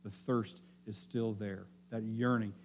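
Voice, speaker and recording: A male pastor giving a sermon, telling the story with animated, repeated phrases and frequent restarts. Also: on the low side, measured pace, a little hiss or hum.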